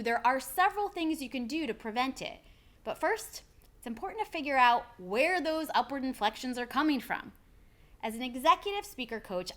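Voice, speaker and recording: A woman, an executive speaker coach, giving a clear, deliberate lesson on how to speak with confidence. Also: on the high side, a bit bright. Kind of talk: instructional video presentation.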